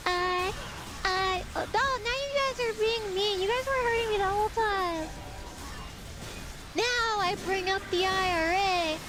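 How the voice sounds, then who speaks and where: A woman's voice: very high-pitched, rough recording. A young woman streaming a video game live, joking and swearing as she banters with her chat.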